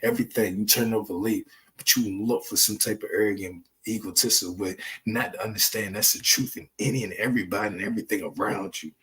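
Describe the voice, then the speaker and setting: Preachy, profane man with a lowish voice. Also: fast, fairly bright tone. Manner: preachy, profane, rising to emphatic outbursts. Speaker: channel host. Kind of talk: impassioned spoken monologue.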